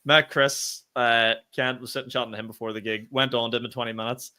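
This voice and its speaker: A young Northern Irish man and comedian co-hosting a podcast, telling stories in casual chat with quick swearing asides. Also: medium pitch, fairly even intonation, sharp tone. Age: young adult. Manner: quick storytelling with swearing and fillers.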